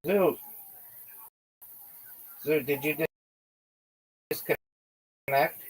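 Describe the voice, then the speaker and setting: A man's voice: mid-range voice, moderate pace, a little mellow, poor audio. A man hosting a livestream, chatting casually and teasing his friend in a playful way. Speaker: livestream host. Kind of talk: casual chat.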